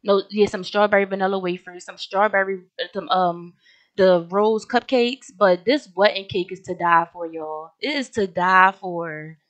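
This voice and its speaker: Young woman, game commentary, casual slangy chatter to viewers, dry close sound, mid-pitched voice. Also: moderate pace, fairly bright tone, no echo. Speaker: gaming video host.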